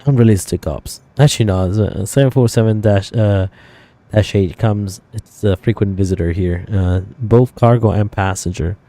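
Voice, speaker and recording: A man's voice: on the low side, normal speed, warm tone. A man streaming a flight simulator, thinking aloud in casual chat with viewers and rambling with fillers and self-corrections.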